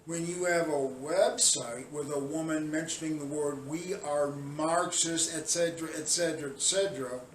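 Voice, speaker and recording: A man from Chicago giving a scolding, sarcastic monologue that often climbs into shouting. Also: fairly high pitch, steady tone, normal speed, hardly any pauses, a little hiss or hum. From Chicago, USA. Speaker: video commentator. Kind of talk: heated monologue rant. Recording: roomy sound, distant mic, faint ambience.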